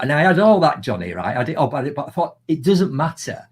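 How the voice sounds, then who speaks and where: A man with a Yorkshire accent, chatting as a guest in a live video call and telling lively, animated anecdotes. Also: a little high, fast, breathy edge. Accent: Yorkshire English. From Yorkshire, England. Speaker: guest, motivational speaker. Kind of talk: casual storytelling in a live video chat.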